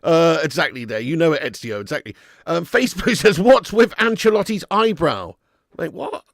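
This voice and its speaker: A man's voice: fairly high pitch, expressive, moderate pace, dry recording, studio quality. A man hosting a live football watch-along stream, bantering and laughing as he reads out viewer messages.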